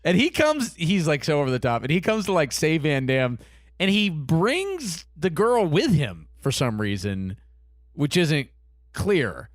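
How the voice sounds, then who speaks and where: Man, podcast host, swooping lively pitch, casual swearing chat, dry close mic. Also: measured pace, no echo. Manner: lively, swearing, laughs often.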